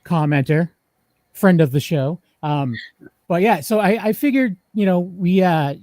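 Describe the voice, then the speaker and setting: Massachusetts guy hosting a horror show, warm low-key voice, kinda dry sound. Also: dry recording. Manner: friendly, halting with fillers. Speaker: podcast host. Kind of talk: casual live show chat.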